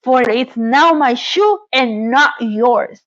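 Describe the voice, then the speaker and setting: Woman doing a wicked old witch for a storybook: spiteful, gloating, wailing, up high. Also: slow pace, dry recording, dull audio. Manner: gloating, then wailing and despairing.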